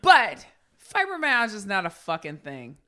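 A woman's voice: medium pitch, huge pitch swings, normal speed, bright, forceful tone. A woman co-hosting a podcast in casual comedic chat, blunt and profane with punchy put-downs, a little drunk. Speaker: podcast co-host.

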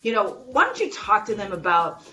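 A woman hosting a podcast interview, bubbly and excitable, laughing often. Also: mid-range voice, moderate pace, soft background music. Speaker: podcast host. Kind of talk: enthusiastic interview chat.

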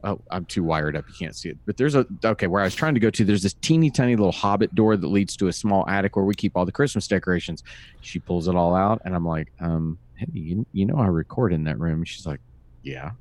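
This fifty-something podcast co-host speaks low and fast, with a darkish tone. Recording from a room at home, he tells stories in a dry, wry, easygoing conversation.

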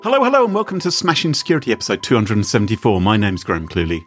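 Man, low voice, swooping animated delivery; playful podcast co-host spinning a yarn. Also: rapid-fire, soft background music. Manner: playful, teasing, storytelling. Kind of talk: casual chat.

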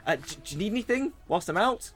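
A man's voice: sits high, expressive, fast, fairly bright tone, breathy edge, soft background music, pitched above the performer's own voice, heavily acted. A man voicing a flustered man who rambles, stammers and keeps correcting himself. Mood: hurried.

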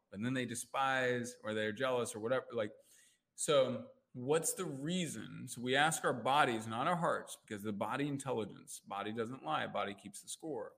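A man speaks as a life coach in a relaxed, chatty interview, with a voice of middling pitch. He talks in an animated way and acts out the voices in his head with sudden jumps in pitch. Now and then he chuckles at himself while telling stories. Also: moderate pace, creaky. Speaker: life coach and NLP practitioner. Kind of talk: casual conversational interview.

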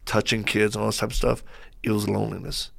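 Gravelly man, guest on a faith talk show, animated storyteller, acts out quotes. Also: lowish voice, fast. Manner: lively storyteller who acts out quoted voices. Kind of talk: telling stories in a faith talk show interview.

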